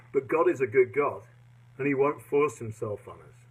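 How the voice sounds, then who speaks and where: A man giving a personal devotional talk to listeners in a gentle, earnest and reflective manner. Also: mid-range voice, moderate pace, breathy edge, rough recording. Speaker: devotional podcaster.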